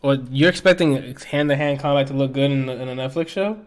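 A man's voice: medium pitch, fairly quick. A man co-hosting a casual chat show, rambling and tripping over his words as he talks. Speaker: podcast co-host.

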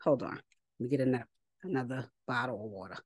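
A woman's voice: very deep voice, fast, a little mellow, slightly rough, no room sound, studio quality. A woman teaching a scripture lesson in a chatty, colloquial way, reading passages and breaking off into asides. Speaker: Bible teacher.

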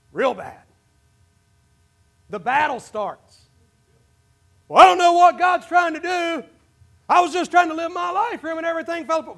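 A man with a very high voice delivers a sermon as the pastor, preaching with passion. He swings from near-shouted declarations to hushed, low asides. It sounds like a church service in front of a congregation. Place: church sanctuary.

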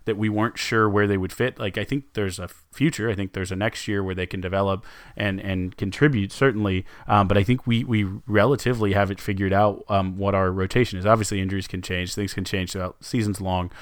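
A man's voice: lowish voice, fairly even intonation, brisk, no room sound, studio quality. A man co-hosting a sports podcast, talking casually with lots of fillers and restarts. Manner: rambling, many fillers and restarts.

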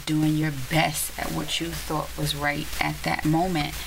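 A woman telling a story in a casual chat, earnest and animated. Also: low voice, measured pace, vocal fry, noisy background.

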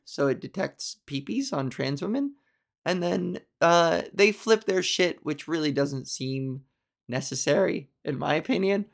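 A woman's voice: low voice, gravelly. A young adult woman hosting a solo podcast, rambling and ranting with plenty of swearing in casual monologue. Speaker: podcast host.

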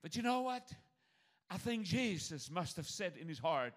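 A man's voice: sits high, very animated, normal speed. A man preaching a sermon, pressing his points with repetition and calling on the church. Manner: emphatic preaching, swings between loud calls and near-muttered asides.

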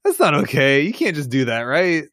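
Incredulous rambling man, lively pitch. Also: normal speed, dry recording, clean studio sound. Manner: rambling, incredulous questioning with restarts. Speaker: podcast co-host. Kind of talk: casual chat.

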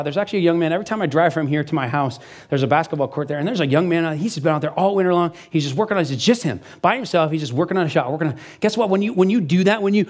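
A middle-aged pastor with a slightly high voice preaches a sermon, telling stories in a lively, conversational style. He restarts his sentences frequently.

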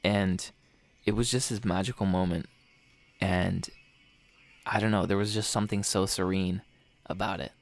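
A man's voice: sits low, steady tone, moderate pace, pauses often. A young adult man co-hosting a podcast in casual chat, enthusiastic and rambling, with plenty of slang. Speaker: podcast co-host.

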